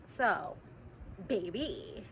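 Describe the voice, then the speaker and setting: Outdoors, a young woman vlogger tells a casual storytime straight to her viewers, animated and swearing a lot. Slightly sick, she keeps clearing her throat and speaks extremely slowly at medium pitch, with slight background noise.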